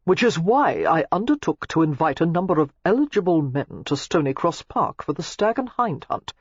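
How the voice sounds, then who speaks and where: A reader voicing a calm nobleman husband who speaks evenly with dry amusement. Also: fairly high pitch, moderate pace, breathy edge, no room sound, highs cut off, full character voice. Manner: even, dryly amused. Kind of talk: audiobook character voice.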